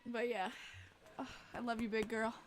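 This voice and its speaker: A woman's voice: on the high side, flat delivery, moderate pace. A woman hosting a casual livestream podcast, talking emotionally and rambling with many fillers and restarts. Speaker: podcast host and streamer.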